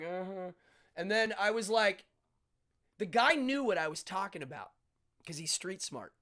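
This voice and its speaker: A middle-aged man chats with his live audience and tells a story with plenty of energy. His pitch rises and falls widely as he acts out each person's lines, and he often stops and starts mid-sentence. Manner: animated storytelling, acts out dialogue, frequent restarts. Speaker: livestream host. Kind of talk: casual chat with live viewers.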